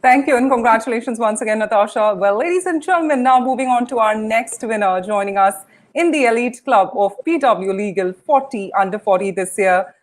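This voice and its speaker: A woman's voice: on the high side, fairly quick. Polished woman hosting awards. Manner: polished, formal announcing. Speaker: awards ceremony host. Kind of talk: hosting an online awards ceremony.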